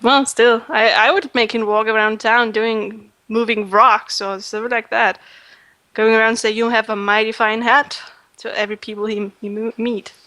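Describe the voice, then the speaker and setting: Flat-toned woman player, deadpan. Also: a little high, moderate pace, no echo. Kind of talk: tabletop game chat.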